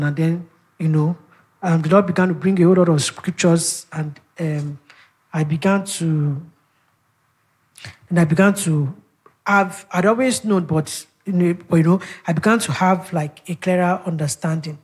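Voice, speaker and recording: A woman with a husky, slightly low voice speaks at a church teaching session, telling a personal story of prayer. Her delivery is halting and reflective, full of restarts and soft fillers, and she sometimes sinks into a hushed, intimate tone. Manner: drops to a soft, hushed tone when describing prayer.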